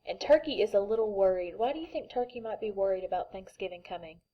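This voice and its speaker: Animated woman reading to kindergarten. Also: medium pitch, fast, highs cut off. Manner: animated, asks the children questions. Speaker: kindergarten teacher. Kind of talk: reading a picture book aloud to young children.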